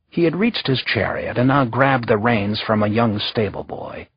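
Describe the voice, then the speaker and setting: A man reading a historical thriller audiobook in a steady, measured narration. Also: medium pitch, breathy edge, dull audio. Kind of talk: scripted narration.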